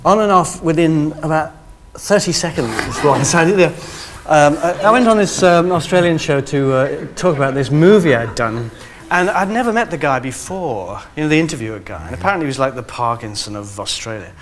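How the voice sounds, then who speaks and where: A man's voice: expressive, fairly quick. A man with an English accent, a talk show guest telling comic anecdotes in a camp, giggly way. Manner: camp, giggly, jumps into squeaky high voices for quotes. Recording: studio audience laughing loudly, noisy broadcast.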